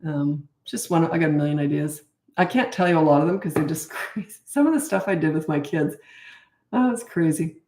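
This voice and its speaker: A middle-aged woman parenting coach chatting casually through viewer questions, animated, with quick asides. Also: sits low. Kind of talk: casual Q&A talk. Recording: roomy echo.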